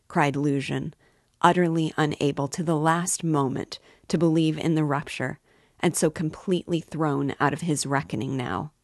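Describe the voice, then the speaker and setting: A woman reading a novel aloud in a measured, expressive way. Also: sits low, dry recording, clean studio sound. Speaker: book reader.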